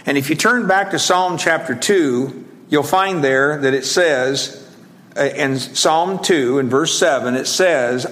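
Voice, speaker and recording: A man preaching a sermon in a conversational, halting way, with frequent pauses and restarts, slowing down to stress scripture phrases. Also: fairly high pitch, fairly bright tone.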